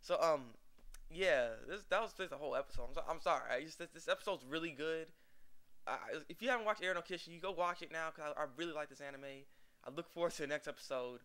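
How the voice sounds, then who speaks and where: Fast-talking bright young man rambling. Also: fairly high pitch. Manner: rambling, acts out characters' lines with laughs. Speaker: anime reviewer. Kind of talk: casual episode recap.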